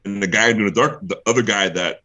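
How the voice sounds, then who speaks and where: A man's voice: fairly low pitch, fairly quick, sharp tone, lo-fi sound. A young man guesting on an interview show, telling a story casually, acting out what other people said and laughing often. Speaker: guest, pro wrestler.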